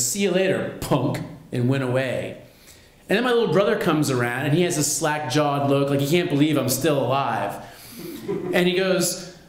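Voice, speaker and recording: A man telling a personal story on stage at a live storytelling show, wry and lively. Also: high-pitched, echoey room. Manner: wry, lively, self-mocking.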